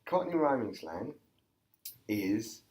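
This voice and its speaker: A woman's voice: a bass voice, very animated, slow, a crowd in the background. An English woman co-hosting a podcast, quizzing her co-host in a playful casual chat. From England.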